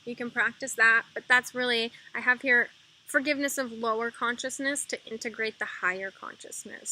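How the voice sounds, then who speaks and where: A woman's voice: on the high side, poor audio. A woman giving a casual spiritual energy update, rambling with lots of fillers. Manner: soft repetitive mantra chanting. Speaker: intuitive energy reader.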